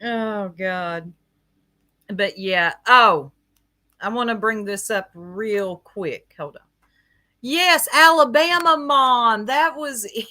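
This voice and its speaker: Lady livestreamer, slow easy talk, bright voice, chatty and gossipy. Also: fairly high pitch, lively intonation. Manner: chatty, gossipy, laughs often, greets viewers by name. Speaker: livestream host. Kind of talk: casual livestream chat.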